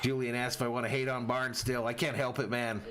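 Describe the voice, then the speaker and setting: A man hosting a live fan play-by-play stream, calling the game and reading chat messages with excitable energy. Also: mid-range voice, fairly quick. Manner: excitable, rises sharply on big plays.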